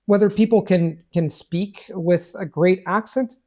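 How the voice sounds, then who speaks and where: Male coach, casual talk, animated, stammers and restarts. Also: high voice, unhurried. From Italy. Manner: animated, stammering restarts, acts out quoted speech. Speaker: language coach and host. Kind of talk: casual conversation.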